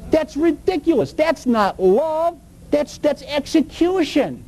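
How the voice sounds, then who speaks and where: A man's voice: very high voice, very animated, slow, a little mellow, slight background noise, low-quality recording. A man preaching a sermon, emphatic and full of rhetorical questions, with folksy grammar.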